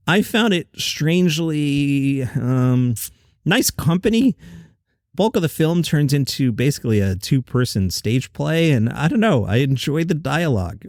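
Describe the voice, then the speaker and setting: A man's voice: medium pitch, a little mellow, no echo, clean studio sound. Chatty man hosting a comedy podcast. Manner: chatty, opinionated, reads listener comments aloud. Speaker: comedy news podcast host. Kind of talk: solo podcast commentary.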